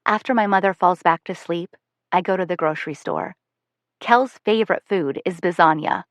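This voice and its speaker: A woman reads a first-person audiobook in a measured, soft-spoken way. Her voice sits a little low for a woman. The sound is dry and close to the mic, with no room around it. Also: no echo. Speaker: audiobook narrator.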